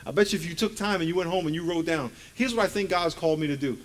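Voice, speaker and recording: A man's voice: a little high, fast. A male pastor preaching a sermon, emphatic and conversational, leading the congregation in call-and-response and dropping folksy asides.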